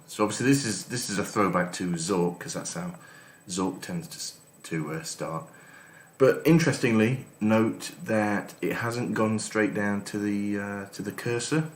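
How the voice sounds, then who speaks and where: A man's voice: fairly low pitch, unhurried. A man giving casual let's-play commentary as host, reading game text aloud between his comments. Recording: echoey room with faint noise.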